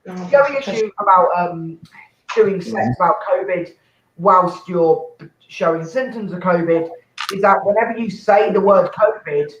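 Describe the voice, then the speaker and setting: A young man hosting and doing a rambling, sweary stand-up set from his flat, breaking into sudden shouts. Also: high-pitched, a little slow, a little hiss or hum. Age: young adult. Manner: rambling, swearing, self-interrupting, shouting bursts. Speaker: host and stand-up comic. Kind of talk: stand-up set on an online open mic. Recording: echoey, dull lo-fi home mic.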